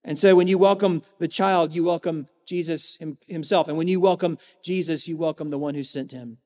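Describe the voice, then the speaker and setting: A male pastor delivering a sermon in an earnest, emphatic way, leaning on rhetorical stresses and pauses. His voice sits fairly high, and it rings out with the long reverb of a church sanctuary. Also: fairly even intonation, darkish tone.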